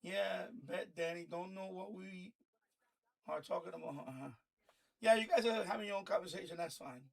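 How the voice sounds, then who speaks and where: A man's voice: sits high, normal speed, creaky. A man hosting a live stream, ranting heatedly with lots of swearing and repeated phrases. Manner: heated, profane, repetitive ranting. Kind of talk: casual ranting commentary.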